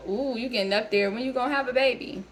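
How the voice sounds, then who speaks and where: A woman's voice: a little high, quick pace, natural voice, rough recording. A woman mimicking a nosy woman at a community event who keeps prying with sweet questions.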